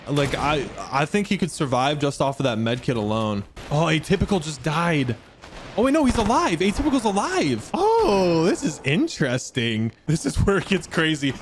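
A man hosting a game tournament, giving excitable, trash-talking live commentary that swings into yelling. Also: a little high. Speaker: gaming streamer and tournament host. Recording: noticeable background noise.

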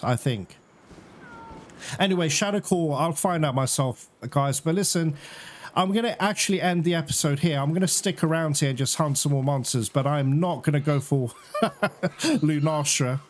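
Male gaming host, chatty and excitable, slightly high voice, a little out of breath, soft background noise. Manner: excitable, talks to viewers as "guys". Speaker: gaming YouTuber. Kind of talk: casual let's-play commentary.

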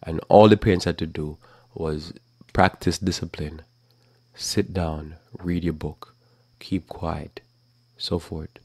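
A man preaches Bible commentary in a forceful, scolding way, now and then mocking the people he argues against. His voice sits low with a gravelly edge, and the recording is dry and close. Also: fairly even intonation, takes it slowly, pauses often, no echo. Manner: casual speech with repeated restarts. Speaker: preacher hosting a live talk program.

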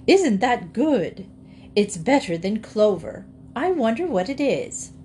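A woman playing a slow, homely storybook cow. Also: a little high, sing-song, dark tone, a little hiss or hum. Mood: delighted. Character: motherly female cow, kindly and homely.

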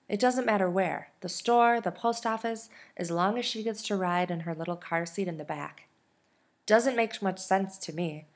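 A woman, a teacher, reading a novel aloud in soft, steady storytelling. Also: on the low side. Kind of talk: audiobook narration.

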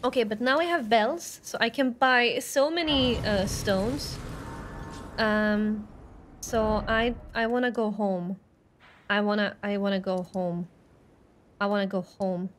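A woman's voice: medium pitch, slow pace, a little hiss or hum. A woman streaming a game live, chattering nervously and yelping when startled. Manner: excitable, jumps between nervous chatter and yelping. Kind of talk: live gameplay commentary.

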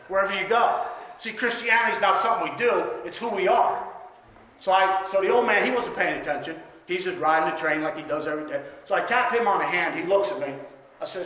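A man with a high, light voice preaches in a folksy, conversational manner, telling stories and drawing amens from the congregation. His voice rings through a very echoey church room. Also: sharp tone, slight background noise. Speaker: guest preacher. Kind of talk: sermon with storytelling. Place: church sanctuary.

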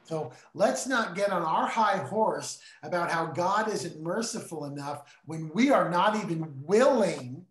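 Middle-aged guy teaching bible stuff, earnest and punchy, kinda echoey room. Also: sits high. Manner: earnest, emphatic, preacherly. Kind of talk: casual Bible discussion. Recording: roomy echo.

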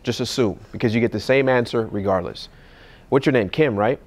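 A man, a real estate investor, giving casual seminar talk at a live event and acting out phone scripts in a lively voice. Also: brisk. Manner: animated, acts out calls in a higher voice.

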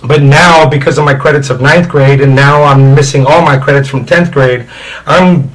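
A man's voice: fairly high pitch, steady tone, moderate pace, rough recording. A man from Indiana telling his life story as an interview guest, rambling and candid, with many "you know" fillers.

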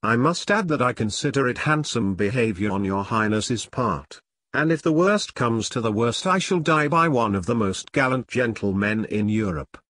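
A man's voice: mid-range voice, expressive, moderate pace, a bit bright, no room sound, studio quality. A man voicing a villainous club president in an audiobook, talking eagerly and boldly. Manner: eager, bold.

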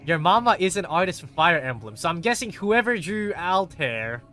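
A man chatting casually on stream, excitable and prone to squeals and giggles. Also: sits high, normal speed. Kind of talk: casual chat.

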